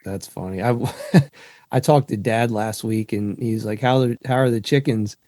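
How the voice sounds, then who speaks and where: A man's voice: on the low side, fairly even intonation, normal speed, mellow, dry recording, clean studio sound. A man co-hosting a podcast in casual chat, laughing and swearing as he retells family stories. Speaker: podcast co-host.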